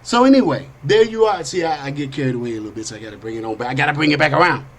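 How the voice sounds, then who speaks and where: A man hosting a podcast, telling an animated parable in street slang, swinging between high whiny character voices and low asides. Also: rapid-fire, crowd noise. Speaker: podcast host. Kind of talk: storytelling monologue.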